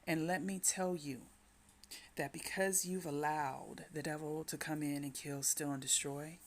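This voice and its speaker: Woman giving a slow devotional pep talk. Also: deep voice, steady tone. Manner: slow, repetitive, urging the listener to breathe and pray. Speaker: Christian inspirational speaker.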